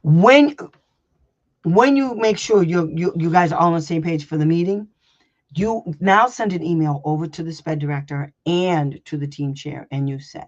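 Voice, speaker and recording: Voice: medium pitch, moderate pace. A brash, no-nonsense advocate coaches parents in a loose online session, swearing freely and acting out both sides of a school meeting. The voice sits mid-range and comes through a slightly dull, lo-fi recording. Points get hammered home through repetition. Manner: blunt, brash and emphatic, with profanity and frequent laughs; drills points by repetition and acted-out dialogue.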